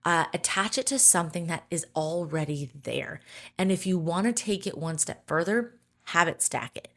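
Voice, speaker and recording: A woman's voice: fairly low pitch, normal speed, fairly bright tone. A woman hosting her own fitness podcast, talking in an encouraging, upbeat way and often checking in with "okay?". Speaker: podcast host, fitness coach. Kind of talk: solo podcast talk.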